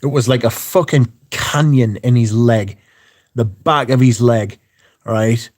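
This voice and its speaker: Low-key swearing man. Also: steady tone, unhurried, darkish tone. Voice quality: swears freely, rambling anecdotes. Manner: chatty, repeats filler words. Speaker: livestream host. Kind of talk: casual chat with viewers.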